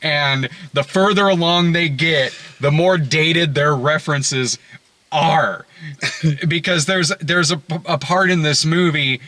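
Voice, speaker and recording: Sarcastic male film reviewer, bright edge, dry close sound. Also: a little high, takes it slowly, no echo. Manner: sarcastic, animated, mocking quotes in put-on voices. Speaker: movie reviewer co-host. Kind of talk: casual review chat.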